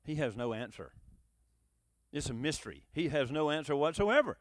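A man preaching a sermon with a high voice that leaps all over its range. He moves between loud, emphatic bursts and low, quiet asides. The sound is dry and close. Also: big pitch swings, normal speed, no room sound.

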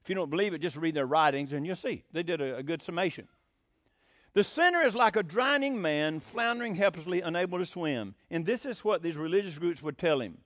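A man's voice: a little high, expressive, fairly quick, a bit bright, no echo, clean studio sound. A man preaching a sermon, folksy and blunt, with sarcastic asides.

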